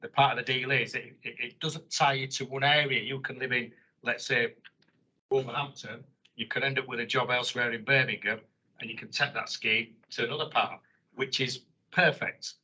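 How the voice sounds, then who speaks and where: A man's voice: mid-range voice, steady tone, moderate pace, sharp tone, slightly rough, rough recording. A man speaking in a board meeting, enthusiastic and informal. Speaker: board member. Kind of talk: meeting remarks.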